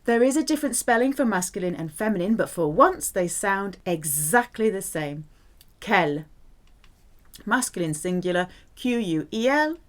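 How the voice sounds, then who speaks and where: French-accented woman, animated grammar teacher, lively pitch, playful and patient. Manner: playful, animated, spells words and repeats French examples slowly. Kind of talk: grammar lesson.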